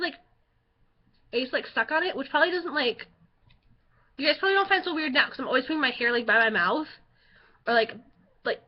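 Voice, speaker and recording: High-voiced chatty teen girl vlogger. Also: lo-fi sound. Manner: chatty, lots of "like" fillers, gets loud when excited. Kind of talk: casual storytelling vlog.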